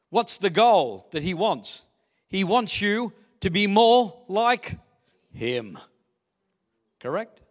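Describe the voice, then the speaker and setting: A man's voice: a little high, fairly bright tone. A man preaching a sermon as pastor, chatty and joking with the congregation. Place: church hall. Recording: echoey church hall.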